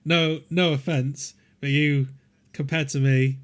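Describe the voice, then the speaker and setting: A man's voice: fairly high pitch, fairly even intonation, slow pace, clean tone. Playful Yorkshire man, teasing banter. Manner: playful, teasing, laughs a lot. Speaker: podcast co-host. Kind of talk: casual chat.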